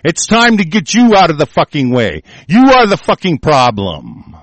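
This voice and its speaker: A man's voice: fairly high pitch, wildly swooping pitch, normal speed, a bit bright, no room sound. A man delivering an angry, profanity-laden monologue, swearing constantly and often breaking off and restarting mid-sentence.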